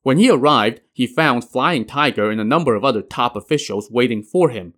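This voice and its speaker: A man's voice: mid-range voice, lively intonation, brisk, fairly bright tone. A male storyteller retelling a classic tale in casual narration with wry modern asides.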